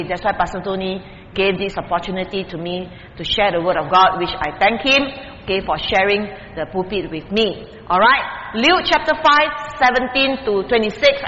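A guest preacher delivering a sermon from the pulpit, speaking deliberately and stressing key words with rising emphasis. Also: medium pitch, pushed and bright, a little hiss or hum. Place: church sanctuary at the pulpit. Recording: dull lo-fi sound in a reverberant hall.

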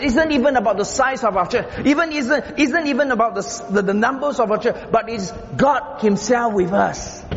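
A male pastor preaches with a high, lively voice that climbs on stressed phrases and drops to a murmur. He repeats key lines for emphasis. The sound is dull and carries a long hall echo over faint noise. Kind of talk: sermon.

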